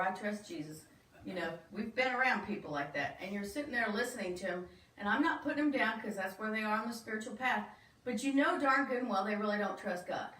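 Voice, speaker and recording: A woman's voice: a little high, sharp tone. A woman minister giving a sermon in a church, talking conversationally and asking the congregation questions. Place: church sanctuary. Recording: echoey room from far off.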